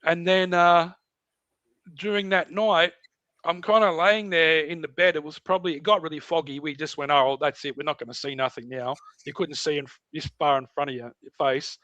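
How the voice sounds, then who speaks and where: A man's voice: fairly high pitch, moderate pace, dry recording, muffled recording. A middle-aged Australian man, a podcast guest, telling a story in casual chat and acting out voices and sounds. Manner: animated, acts out voices and sounds in his tale.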